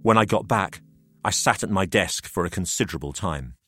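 A man narrating a macabre tale in the first person, expressive and dramatic. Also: deep voice, normal speed, loud music behind the voice. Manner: expressive, rising to frantic shouts in dialogue.

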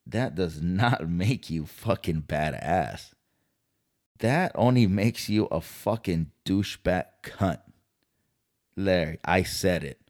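A man's voice: sits low, a little mellow. A man hosting a podcast, ranting in a casual, heated and profane way. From California. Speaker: podcast host. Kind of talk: casual commentary.

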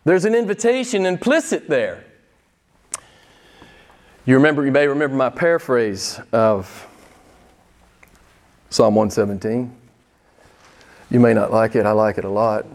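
A male pastor preaching a sermon, emphatic, with rhetorical questions and dramatic pauses. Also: medium pitch.

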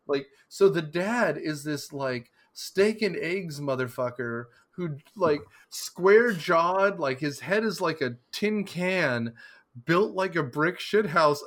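A man's voice: fairly high pitch, a bit bright. A man co-hosting a podcast in casual chat, rambling and joking with digressions. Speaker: podcast co-host.

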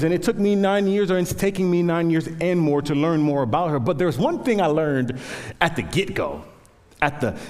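A man's voice: a little high, big-room sound. A man in his thirties preaching a sermon, telling stories with self-deprecating humor. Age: 30s. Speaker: pastor.

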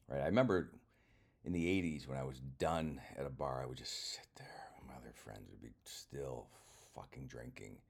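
A very low, deep voice from an older man rambling casually. He is wry and self-mocking, drops swear words without a pause, and talks like a comedian telling stories to camera. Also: vocal fry, breathy edge.

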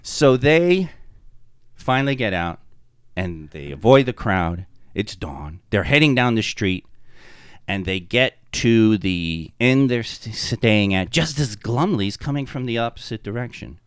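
A man telling a podcast about the tabletop session he ran as game master. He talks in an animated way, and his pitch swings a lot. His voice is smooth and clear on a close, dry mic. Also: a little slow, no room sound. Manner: animated storyteller. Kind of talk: casual chat, recounting a game session.

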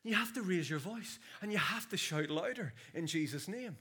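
A man preaching a sermon in a church, swinging from loud shouts to hushed storytelling. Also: sits high, animated, normal speed, slightly rough. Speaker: pastor. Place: church hall.

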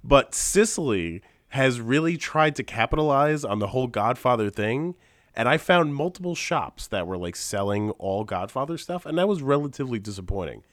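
A man with a stuffy, congested voice, telling animated stories in a casual podcast chat and swearing casually. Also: medium pitch, normal speed, no echo, studio quality. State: congested from a sinus infection. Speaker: podcast regular.

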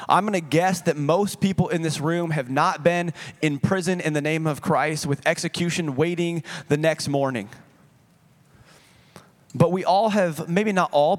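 Male pastor with a slightly high voice, preaching a sermon and telling stories. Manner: storytelling, repeats key lines for emphasis. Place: church sanctuary.

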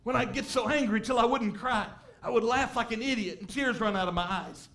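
A man preaching a sermon, telling a story and rising to shouts of emphasis. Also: very high voice, a little fast. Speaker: pastor.

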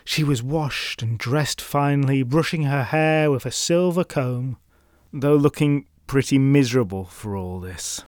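A man's voice: medium pitch, measured pace, darkish tone, no room sound. Dry-voiced man narrating a fairy tale. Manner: dramatic with wry asides. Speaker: storyteller host. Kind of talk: scripted folklore narration.

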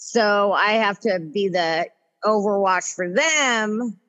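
A woman tells stories in a blunt, profane way. She talks casually as a guest in the conversation, and her voice sits at an ordinary middle pitch. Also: takes it slowly, fairly bright tone. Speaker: guest, mutual aid organizer.

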